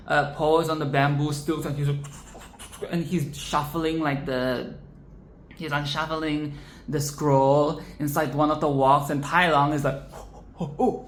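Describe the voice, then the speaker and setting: A woman's voice: deep voice, steady tone, moderate pace, reverberant, slight background noise. A young woman casually reviewing a film, emphatic and profane, often tagging "okay?".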